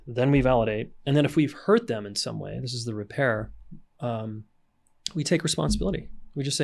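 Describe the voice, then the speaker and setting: A man's voice: mid-range voice, a little fast, gravelly. A man talking frankly as a podcast guest, giving practical advice on raising and repairing with children. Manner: frank, animated, acts out parent voices. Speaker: guest, relationship coach. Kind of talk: podcast conversation.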